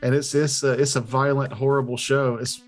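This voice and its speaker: A man's voice: mid-range voice, little pitch movement, normal speed, faint music behind. A man hosting and running a tabletop game, chatting casually and rambling with restarts. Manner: rambling, self-interrupting. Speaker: game master.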